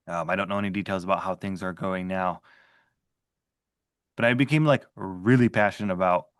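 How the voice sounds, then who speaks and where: A man's voice: lowish voice, no room sound, studio quality. A man in an interview telling a workplace story in a casual, conversational way, often saying "like" and restarting his sentences. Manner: conversational, filler-heavy with frequent "like". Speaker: interview guest, former HR manager.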